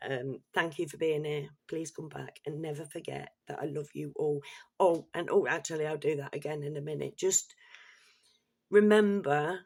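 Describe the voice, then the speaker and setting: A woman's voice: low-pitched, steady tone, moderate pace, gravelly, a little mellow, husky. A woman vlogger ranting on camera in an angry, blunt, sweary way, with bursts of laughter and apologies for getting worked up. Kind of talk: ranting commentary vlog.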